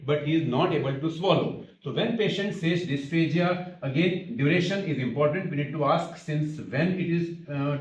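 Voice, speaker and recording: A man's voice: on the high side, a little mellow, distant mic. A male ENT lecturer, teaching exam history-taking in a methodical way and repeating key terms as lists. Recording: echoey room, voice from off mic.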